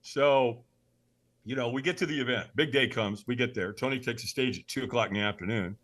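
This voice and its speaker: A middle-aged man telling stories as a podcast guest, animated and emphatic. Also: mid-range voice, fairly quick. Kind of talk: storytelling in an interview.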